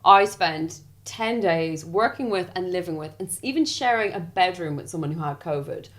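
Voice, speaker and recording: A woman's voice: on the low side, expressive, normal speed. A woman co-hosting a casual chat, speaking bluntly and defiantly and swearing freely. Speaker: podcast co-host.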